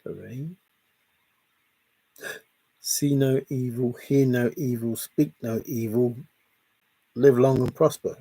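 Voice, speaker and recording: A man's voice: medium pitch, steady tone, a little slow, dark tone, no echo. A man hosting a casual livestream, reading chat and greeting viewers by name in a jokey, chatty way. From half Italian, half Scottish heritage.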